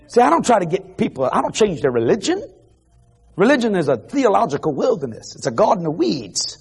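A man preaching an animated evangelical sermon to a congregation on television, laughing and shouting asides as he goes. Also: high voice, brisk, breathy edge. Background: faint congregation crowd.

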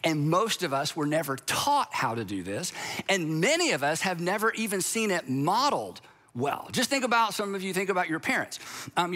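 A man's voice: sits high, sharp tone. A man giving a sermon-style talk to an audience, emphatic and conversational, with sarcastic asides. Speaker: speaker.

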